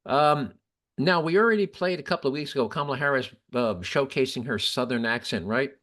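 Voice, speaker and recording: A man's voice: medium pitch, a little fast, a bit bright. A man hosting a casual political podcast, giving opinions and arguing with statistics. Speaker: podcast host.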